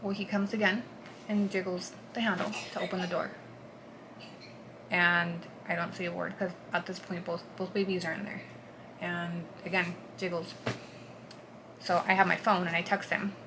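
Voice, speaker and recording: A woman vlogger recounting a personal story in an earnest, halting way, dropping to a hush and then pushing hard. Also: lowish voice, flat delivery, noisy background. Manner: earnest, halting, swings between hushed and forceful.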